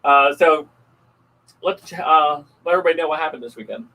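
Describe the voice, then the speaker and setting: A middle-aged man chatting casually on a live stream, speaking haltingly with many pauses and fillers. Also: a little high, steady tone, pushed and bright, poor audio. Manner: halting, hesitant, many uhs. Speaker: co-host of a couple's live stream. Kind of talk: casual chat.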